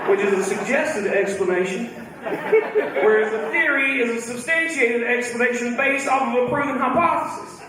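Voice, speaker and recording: A man from Georgia with a Southern accent, performing a stand-up comedy set with deadpan punchlines. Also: extremely high pitch, fairly quick. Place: comedy club stage. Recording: echoey club from a distance, audible noise. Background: audience laughter.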